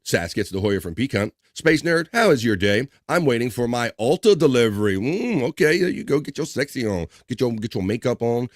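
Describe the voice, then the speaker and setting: A man hosting a live stream in an easygoing, chatty way, reading viewers' messages aloud and laughing along with them. His voice sits at an ordinary middle pitch. The sound is close and dry, with no room echo. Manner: casual, chatty, laughing often, loose slang. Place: home streaming setup.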